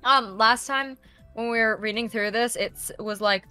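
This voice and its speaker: A woman chatting casually during a game read-through. She tells stories in a giggly, animated way. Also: a little high, moderate pace, clean tone, dry recording, faint music behind. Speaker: co-host.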